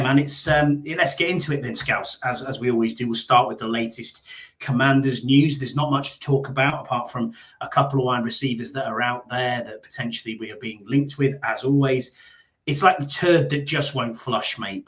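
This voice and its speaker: A man hosting a sports talk stream at a mid-range pitch. He talks casually and loosely, circling back on himself with fillers and a friendly "mate" to his co-host. He sounds middle-aged. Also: normal speed, a bit bright. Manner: chatty, rambling, with frequent fillers and repeated "mate". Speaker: podcast host.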